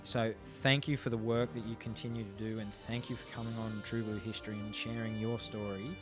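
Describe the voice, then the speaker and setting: A man's voice: fairly low pitch, level tone, fairly quick, over music. A man hosting an interview podcast, speaking earnestly and effusively, then reading the closing outro. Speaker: podcast host.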